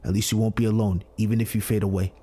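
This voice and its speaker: Guy reading as a stoic curt game bodyguard, lower and quieter than his normal voice, flat deadpan delivery. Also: slow, husky. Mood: cold, steady. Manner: terse, deadpan, low and flat.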